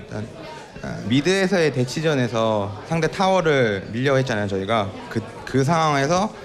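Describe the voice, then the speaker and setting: A man's voice: medium pitch, expressive, rapid-fire. A man answering as a pro player in a post-match interview, explaining matter-of-factly. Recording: crowd noise behind.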